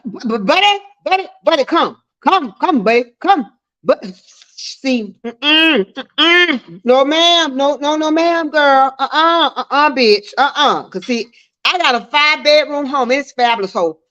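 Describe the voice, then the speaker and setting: A woman's voice: sits high, expressive, a little slow, fairly bright tone. Woman putting on a brash boastful man. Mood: indignant. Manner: boastful, scolding, repetitive insults. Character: brash boastful middle-aged man, veteran, indignant. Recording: dull lo-fi stream audio.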